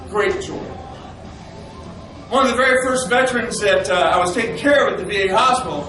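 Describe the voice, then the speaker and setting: A middle-aged man speaks to an audience in an unusually high voice. He tells his stories with animation and acts out the dialogue as he goes. Faint room ambience sits underneath. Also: noisy background. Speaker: speaker addressing veterans. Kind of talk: storytelling speech to an audience.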